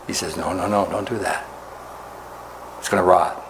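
A man's voice: moderate pace, noisy background. Conversational preaching man, rhetorical questions. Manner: animated rises in pitch when making a point. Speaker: pastor. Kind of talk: expository sermon.

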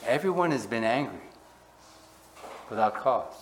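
A man preaching a sermon, asking his listeners questions and swinging between loud emphasis and quiet, low asides. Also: lively intonation, moderate pace, pauses often, a little hiss or hum. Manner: asks the congregation questions. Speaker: pastor. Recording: long hall reverb.

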